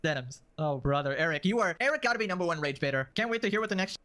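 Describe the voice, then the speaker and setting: A man in an online commentary video, sarcastic and dismissive as he picks through comments. His voice is high, and he races through his lines at a breakneck pace. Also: animated, very fast, sharp tone. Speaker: commentary YouTuber.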